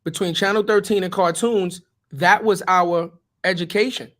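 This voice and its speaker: A raspy-voiced man with a notably high pitch for a man, co-hosting a podcast in casual chat. He speaks earnestly, building his points like a small sermon. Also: fairly even intonation, normal speed, fairly bright tone. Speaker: podcast co-host.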